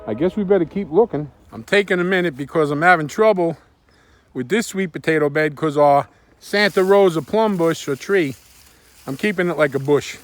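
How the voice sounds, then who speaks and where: A man's voice: on the high side, moderate pace. A man chatting enthusiastically while working outdoors in his garden, recorded on a camera held by a helper. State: out of breath at times. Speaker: homestead vlogger. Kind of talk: casual garden vlog.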